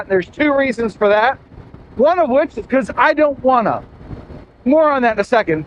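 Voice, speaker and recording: A man's voice: extremely high pitch, muffled recording, slight background noise. A man talking casually through a helmet mic while riding a motorcycle on rural roads, rambling and poking fun at himself. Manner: rambling, self-mocking, chatty. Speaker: motovlogger.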